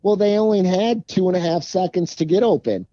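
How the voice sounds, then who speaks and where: Male podcast co-host, very dark mellow voice, muffled dry lo-fi sound, measured explainer. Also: high-pitched, no echo. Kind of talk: casual sports chat. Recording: dull, muffled mic.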